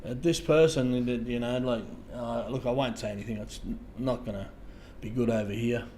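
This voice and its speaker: An Australian man hosting a casual livestream, talking to viewers in a halting way, repeating words and trailing off softly. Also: mid-range voice, fairly even intonation, slight background noise. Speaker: livestream host.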